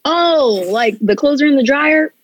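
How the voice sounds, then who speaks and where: A woman's voice: sits high, a little slow, no echo, rough recording. A woman in her thirties, a podcast guest chatting frankly and with lots of energy. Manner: frank, animated, breezy. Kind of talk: casual chat.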